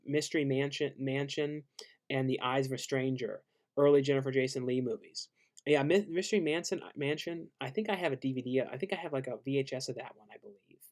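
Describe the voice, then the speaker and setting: A man casually hosting a live-stream Q&A, laid-back and halting as he reads out viewer questions and answers them. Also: medium pitch.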